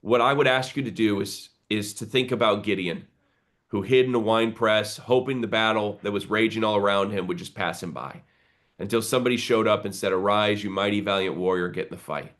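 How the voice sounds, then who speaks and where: Earnest low-voiced preaching man. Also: brisk, a bit bright. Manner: earnest, building to preacherly exhortation. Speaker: pastor. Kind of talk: live video-call conversation. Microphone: video call.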